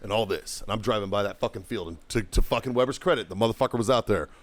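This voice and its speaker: A middle-aged man, a podcast host, telling a profane story in casual chat, shouting when he quotes himself. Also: fairly low pitch, fast talker, no echo.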